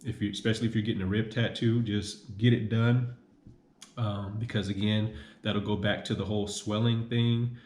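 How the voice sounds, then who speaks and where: A man's voice: fairly low pitch, flat delivery, moderate pace, darkish tone, slight background noise. A young man vlogging casually, rambling and repeating himself with many fillers as he talks through his experience. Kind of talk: casual vlog monologue. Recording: echoey room.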